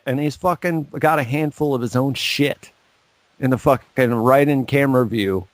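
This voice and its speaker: A man's voice: medium pitch, normal speed, no echo. A man co-hosting a podcast in casual chat, telling rambling stories and swearing freely. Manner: profane, rambling storytelling. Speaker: podcast co-host. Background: faint music.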